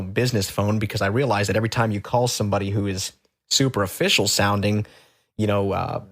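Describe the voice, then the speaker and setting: Low-voiced man telling stories haltingly. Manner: halting, many fillers, matter-of-fact. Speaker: interview guest. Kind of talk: conversational storytelling.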